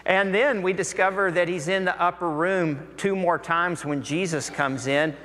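A man preaching a sermon, telling a Bible story in an animated way and acting out the voices of its people. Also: high-pitched, moderate pace. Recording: long hall reverb.

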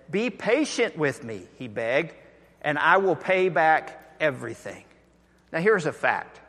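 A man preaching a sermon in a conversational, deliberate way, going soft for emphasis. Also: fairly high pitch, in a large hall. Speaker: pastor.

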